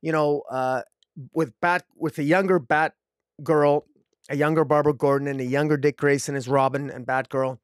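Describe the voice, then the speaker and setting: A man's voice: fairly high pitch, steady tone, normal speed, smooth, no echo, clean studio sound. A man reviewing comic books alone, rambling with many fillers and restarts. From Canada. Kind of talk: casual solo review.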